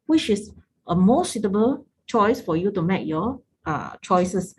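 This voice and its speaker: A woman's voice: medium pitch, very animated, unhurried, a little hiss or hum, poor audio. Woman explaining product choices. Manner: explanatory, asks rhetorical questions, ends points with "yeah?". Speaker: product trainer. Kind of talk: sales training explanation.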